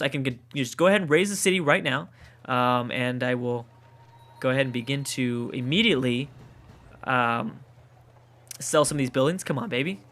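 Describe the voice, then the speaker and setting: This let's play gamer is a Canadian man with a Canadian accent who chats casually over his strategy game, reasoning out loud and cursing at setbacks. He speaks in a mid-range voice at normal speed, slightly bright, with long pauses.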